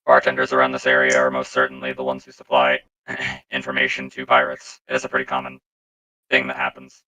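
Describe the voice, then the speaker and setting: A man's voice: very deep voice, monotone, a little fast, pushed and bright, low-quality recording. A man player at a tabletop game speaking formally and schemingly in character.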